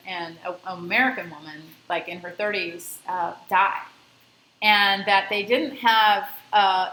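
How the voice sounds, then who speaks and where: A woman's voice: medium pitch, bright, forceful tone, echoey room, slight background noise, poor audio. A woman scuba instructor lecturing a class, telling a personal story in a conversational way and stressing safety. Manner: conversational, emphatic about safety.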